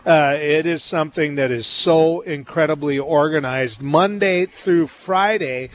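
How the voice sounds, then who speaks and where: An upbeat male radio host chatting easily with his guest. His voice sits a little high for a man, and he talks in a loose, friendly way with plenty of fillers. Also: a little slow. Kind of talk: casual radio interview.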